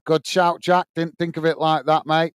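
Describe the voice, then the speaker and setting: A man's voice: fairly high pitch, little pitch movement, normal speed, smooth, no room sound. A man with a Lancashire accent hosting a live football watch-along, giving running play-by-play and reading viewer comments aloud in a friendly, matey way. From England.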